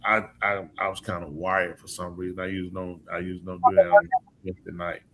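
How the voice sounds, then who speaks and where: A man with a low, bright and forceful voice, chatting as the host of a live talk show. He is a preacher who spins stories with energy and slips into the voices of the people in them. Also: fast. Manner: lively storyteller who acts out quoted voices. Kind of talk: casual storytelling chat.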